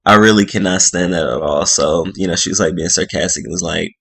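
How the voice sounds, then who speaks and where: Low-voiced man rambling through a recap. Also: fairly quick, gravelly, fairly bright tone, breathy edge. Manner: rambling, full of "like" and "you know". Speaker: reality show reviewer. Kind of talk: casual vlog recap.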